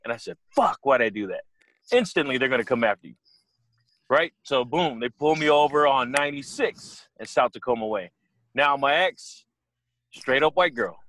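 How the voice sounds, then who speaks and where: A young man co-hosting a casual podcast, telling a story in an animated, profane way and acting out the other people's voices. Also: mid-range voice, moderate pace, no room sound.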